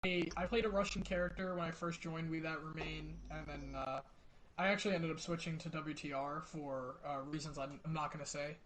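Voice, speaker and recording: A man's voice: a little high, fairly even intonation, a little fast, a bit bright, a little hiss or hum, low-quality recording. Young man rambling on a podcast. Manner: rambling, stammering restarts, swears casually. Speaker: podcast guest, roleplayer. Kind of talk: casual podcast chat.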